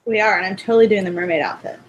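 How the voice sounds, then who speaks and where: A woman's voice: mid-range voice, racing. A young woman co-hosting a podcast in casual chat, talking in a chatty, gushing way and giggling often. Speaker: podcast co-host.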